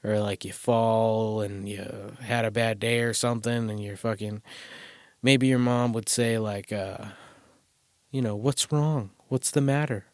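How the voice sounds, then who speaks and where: A man's voice: lowish voice, level tone, measured pace, dry recording, clean studio sound. A man hosting a solo podcast from a closet, talking in a rambling, crude, self-deprecating way and swearing a lot. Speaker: podcast host. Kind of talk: casual solo podcast monologue. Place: small closet.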